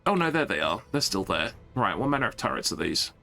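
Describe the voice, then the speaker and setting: Jokey excitable man streaming. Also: lowish voice, quick pace, gravelly. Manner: jokey and excitable, stumbling restarts. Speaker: streamer playing a strategy game. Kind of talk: casual live-stream commentary.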